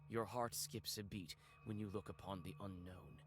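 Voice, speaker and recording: A man narrating a dark story in second person in a measured, atmospheric manner. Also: low-pitched, fairly even intonation, background noise.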